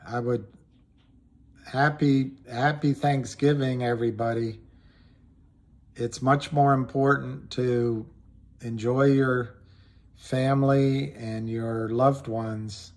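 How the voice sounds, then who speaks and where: A man hosting a casual livestream, chatting slowly and rambling while reading viewer comments aloud. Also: mid-range voice, fairly even intonation, a little mellow. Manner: slow, rambling, reads chat comments aloud. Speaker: livestream host. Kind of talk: casual livestream chat about stocks.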